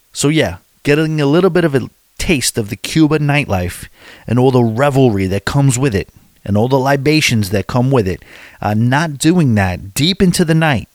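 A man's voice: mid-range voice, animated, moderate pace, no echo. Man, 40s, casual chat, rambling storyteller, self-deprecating, dead dry sound.

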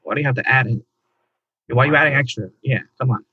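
Easygoing new york guy, husky voice, kinda dull lo-fi mic. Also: mid-range voice, no echo. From the Bronx, New York. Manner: easygoing, quick to laugh and agree. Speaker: podcast co-host. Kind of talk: casual chat.

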